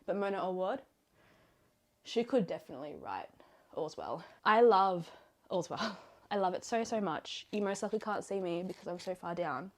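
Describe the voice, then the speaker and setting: Congested, nasal young woman rambling excitedly. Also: on the low side, normal speed. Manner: rambling, excitable, with self-corrections. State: congested from illness. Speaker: book vlogger. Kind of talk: casual reading vlog chat.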